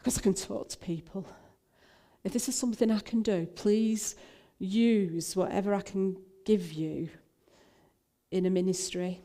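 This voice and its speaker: A woman's voice: mid-range voice, fairly even intonation, unhurried, dark tone. An older woman minister, telling a personal story in a talk, with frequent fillers and restarts.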